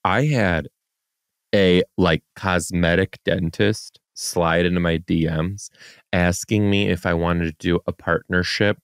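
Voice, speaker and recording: A man's voice: sits low, fairly even intonation, takes it slowly, clean tone, no echo, clean studio sound. A man co-hosting a podcast, bantering casually and expressively, laughing often and mimicking other people. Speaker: podcast co-host.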